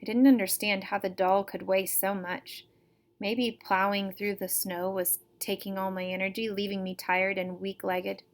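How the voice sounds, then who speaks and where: A woman reading a chapter book aloud to her students, telling a first-person story in a steady, even way. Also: medium pitch, moderate pace.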